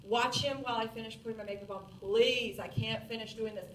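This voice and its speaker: A woman in her forties telling a self-mocking story to an audience in a lively, animated way. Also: fairly high pitch, fairly quick, slight background noise. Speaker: speaker. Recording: roomy, distant from the mic.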